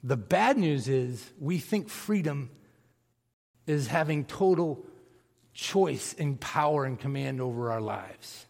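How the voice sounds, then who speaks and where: A man's voice: mid-range voice, expressive, slow, vocal fry, darkish tone. A man, a pastor, preaching a conversational sermon and asking his congregation questions. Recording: long reverb of a large hall.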